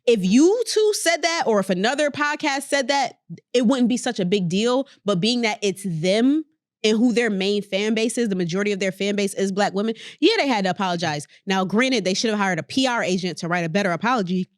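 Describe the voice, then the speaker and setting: A woman's voice: mid-range voice, expressive, a little fast, no echo, clean studio sound. A woman co-hosting a podcast, arguing her point bluntly and swearing freely in casual debate. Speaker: podcast co-host.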